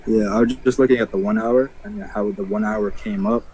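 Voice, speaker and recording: A man's voice: fairly low pitch, fairly even intonation, a little fast, darkish tone, slight background noise, poor audio. A man co-hosting a live trading stream, bantering loosely, swearing and cheering on the market. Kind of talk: casual group chat about trading.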